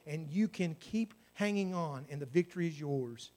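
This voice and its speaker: A man's voice: on the high side, lively intonation, moderate pace, a little mellow. A man, a pastor telling a story in his sermon and then praying with fervour. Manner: storytelling that builds to fervent praying.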